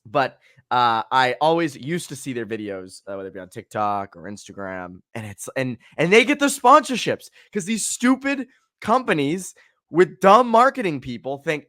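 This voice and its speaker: Animated ranting man on a podcast. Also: mid-range voice, moderate pace, no echo, studio quality. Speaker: podcast co-host. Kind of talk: casual sports podcast chat.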